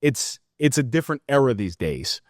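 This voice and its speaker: A man in his thirties, a podcast guest, telling stories in an earnest, animated way and calling the listener brother. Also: medium pitch, moderate pace, no room sound, studio quality. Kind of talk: casual interview chat.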